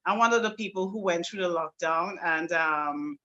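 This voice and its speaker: A woman with a Trinidadian accent, a singer and presenter, talking warmly and effusively as a guest on a video call. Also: lowish voice, moderate pace, dull audio. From south Trinidad. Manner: warm, effusive greetings, talkative. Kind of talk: casual online event talk.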